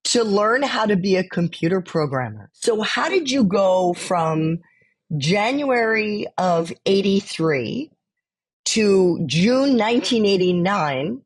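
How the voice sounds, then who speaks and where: A woman hosting an interview, asking measured, deliberate questions. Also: mid-range voice, expressive, slightly rough. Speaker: interview host.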